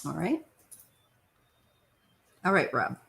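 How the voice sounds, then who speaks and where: A woman's voice: on the low side, big pitch swings, takes it slowly, gravelly, fairly bright tone. A middle-aged woman hosting a casual live-stream tarot chat from home, greeting viewers by name in an easygoing way. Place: home, near the front door.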